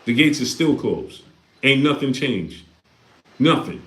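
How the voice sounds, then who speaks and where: A man's voice: mid-range voice, sing-song, slow pace, a bit bright. A man hosting a livestream, talking casually and preaching with repeated rhetorical questions. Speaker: live stream host reading Super Chats. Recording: echoey room.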